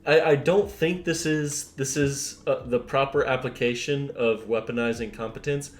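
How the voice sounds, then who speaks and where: A man's voice: mid-range voice, fairly even intonation, moderate pace. A man reacting alongside the host in casual commentary, sarcastic and full of stammered restarts.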